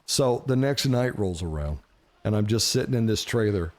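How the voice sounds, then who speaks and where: A man telling a wild story in a casual, animated, swearing style, often laughing. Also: on the low side, fairly quick.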